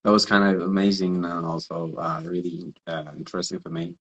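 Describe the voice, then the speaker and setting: Deep-voiced man. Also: flat delivery, fairly bright tone, slightly rough, highs cut off. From Iran. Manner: halting, repeats words while searching for them. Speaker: guest, English teacher. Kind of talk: casual conversation.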